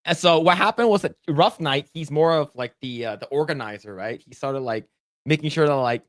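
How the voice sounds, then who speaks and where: A man's voice: fairly high pitch, brisk, no echo. Chatty laughing podcast guy, dry sound. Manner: rambling, laughs often, many fillers. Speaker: podcast co-host. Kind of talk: casual chat, storytelling.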